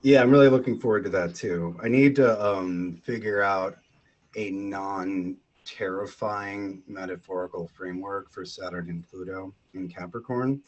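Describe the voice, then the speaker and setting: Deadpan man with a husky low voice. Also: unhurried, muffled recording. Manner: deadpan, dry humor. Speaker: astrologer co-host. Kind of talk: casual chat.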